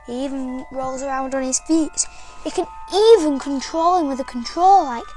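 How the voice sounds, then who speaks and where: A woman's voice: high voice, moderate pace, warm tone, soft background music, rough recording. A woman with a British accent demonstrating toys in a casual, rambling way and often correcting herself. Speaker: toy reviewer.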